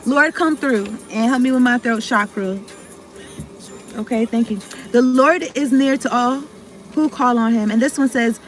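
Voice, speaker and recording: A woman with a notably high voice talks through a casual tarot reading in a loose, rambling way, breaking off mid-sentence and starting again. She drops slang and swears freely, and soft music plays faintly behind her. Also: normal speed. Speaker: tarot card reader.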